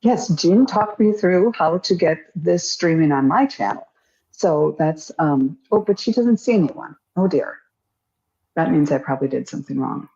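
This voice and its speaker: A woman giving psychic readings over a video call, her voice dark and gravelly. She wanders through her thoughts with pauses and self-deprecating asides. The audio is dull and lo-fi. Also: low-pitched, animated. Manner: meandering, hesitant, self-deprecating. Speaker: psychic co-host. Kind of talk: live-stream reading.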